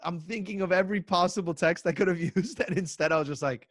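Young man guest, a bit high, laughing, self-mocking anecdotes, dry sound. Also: quick pace, dry recording. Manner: laughing, self-mocking storytelling with acted-out voices. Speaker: podcast guest. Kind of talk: casual chat.

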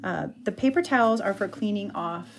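A woman's voice: medium pitch, moderate pace, gravelly, a little hiss or hum. A woman teacher reading a picture book aloud and pointing out the pictures, then leading an art lesson. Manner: expressive storyteller, pointing out pictures.

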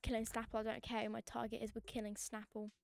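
She's a young streamer whose voice sits on the high side, fast and monotone with vocal fry. Chatting through a gaming livestream, she plays mock-annoyed and sings and hums to herself as she goes.

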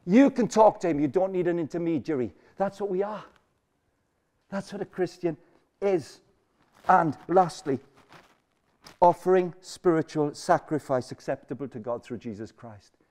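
A man with a high voice delivers a spirited, joking sermon to a student conference in a lecture hall, driving his points home by repeating them. He speaks at a moderate pace.

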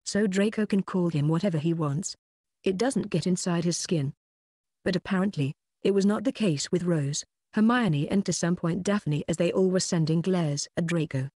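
An audiobook narrator reading a story in a steady, uninflected synthetic voice. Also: medium pitch, normal speed, no echo, studio quality. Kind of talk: scripted narration.

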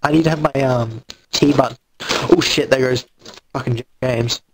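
An Australian man rambles through a casual gaming voice chat, crude and quick to swear. His voice sits at an ordinary middle pitch and comes over a headset mic with a faint hiss behind it. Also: steady tone. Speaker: gamer chatting with friends.

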